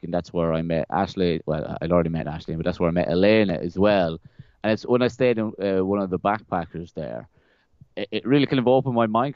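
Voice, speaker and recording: A young man talks in a low, smooth voice, loosely telling stories and repeating himself as he goes. The sound is dry and a little dull, close to the mic. He laughs easily between thoughts. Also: dry recording. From Ireland. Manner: rambling, repeats words, laughs often. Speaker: podcast guest. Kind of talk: casual conversational storytelling.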